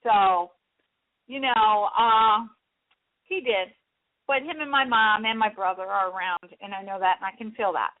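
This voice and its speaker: A woman hosting a radio show, talking in a soft, hesitant way with many fillers. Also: fairly high pitch, no room sound. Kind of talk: casual radio talk. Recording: dry, tinny phone line.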